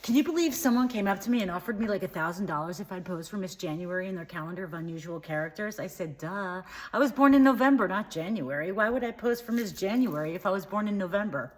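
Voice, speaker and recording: A woman's voice: medium pitch, lively intonation, fast, hardly any pauses, natural voice. A woman playing a dim-witted, bigoted comedy character who rambles from tangent to tangent in a satirical monologue. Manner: rambling, mishears words, flits between tangents.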